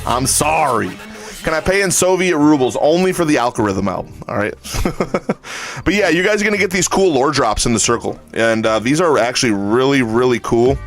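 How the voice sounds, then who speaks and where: A man's voice: medium pitch, animated, a little fast, vocal fry, few pauses, a bit bright, soft background music. A man hosting a casual livestream, hyped and salesy, talking straight to his viewers. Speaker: livestream host.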